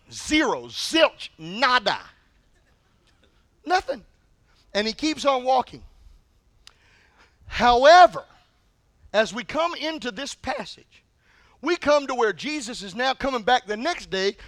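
A male pastor preaching a sermon in an animated, humorous storytelling manner. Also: very high-pitched, dry recording, studio quality.

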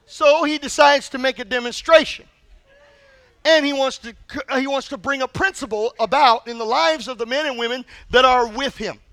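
A male pastor preaching a sermon in an animated, humorous storytelling manner. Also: extremely high pitch, normal speed, no room sound.

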